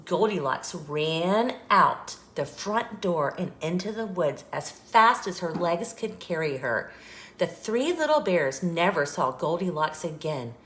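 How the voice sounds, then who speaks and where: Woman reading a kids' picture book aloud; slow, lively, expressive; roomy sound. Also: lowish voice, slight background noise. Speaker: children's story reader and host. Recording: echoey room.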